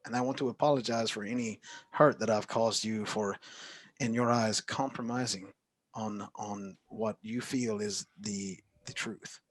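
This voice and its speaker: A man's voice: lowish voice, steady tone, measured pace, slightly rough. A man voicing an earnest, persuasive wandering bard in a tabletop game.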